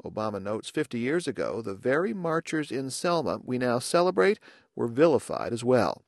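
A man filing a scripted radio news report in an even, measured newsreader delivery. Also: medium pitch, creaky, no echo, studio quality.

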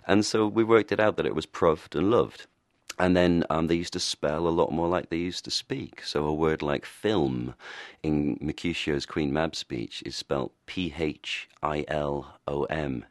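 Very deep-voiced animated male guest. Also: dry recording, studio quality. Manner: animated, explains eagerly, laughs easily. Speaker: guest, actor and director. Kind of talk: radio interview. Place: broadcast studio. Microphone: studio microphone.

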